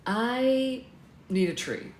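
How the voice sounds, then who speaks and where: A woman's voice: on the high side, expressive, drawn-out words, a little mellow, voice pushed up. A woman reading aloud as an exasperated young man who insists he needs a Christmas tree, in her own voice. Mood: insistent. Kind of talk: reading a romance novel aloud. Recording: echoey room, faint background noise.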